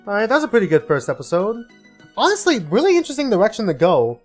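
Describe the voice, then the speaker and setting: A man's voice: sits high, wildly swooping pitch, fast talker. A man giving casual live gameplay commentary as a streamer, musing aloud in a rambling way and swearing casually. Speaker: gaming streamer. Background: game music.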